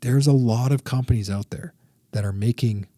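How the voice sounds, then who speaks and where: A man's voice: medium pitch, moderate pace, dark tone, dry recording, studio quality. A man from Canada hosting a podcast, telling a business story with lots of "like" fillers and acting out both sides of a phone call. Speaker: podcast host. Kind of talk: casual storytelling monologue.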